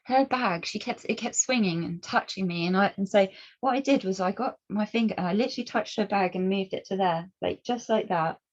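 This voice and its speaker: A woman's voice: mid-range voice, brisk. Earnest woman, dull lo-fi sound. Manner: earnest, with frequent restarts and emphatic rhetorical questions. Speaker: campaigner speaking to camera. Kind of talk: personal commentary and storytelling. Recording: dull lo-fi recording.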